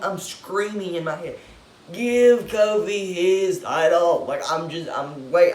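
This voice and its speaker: A man giving an excitable, opinionated monologue, swearing and breaking into loud outbursts. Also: mid-range voice, a little hiss or hum. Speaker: wrestling commentator giving predictions. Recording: echoey room with faint ambience.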